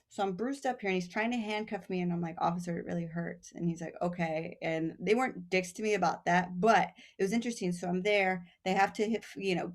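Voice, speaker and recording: A woman from Texas, a podcast guest, telling a long story in casual chat, acting out the voices of the people in it and laughing often. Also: on the low side. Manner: animated, acts out quoted voices, laughs often.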